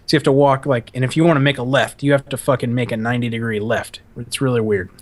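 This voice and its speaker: A man's voice: mid-range voice, fairly even intonation, fast. A man hosting a podcast, telling a story in a casual, profane, rambling way and laughing often. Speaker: podcast host.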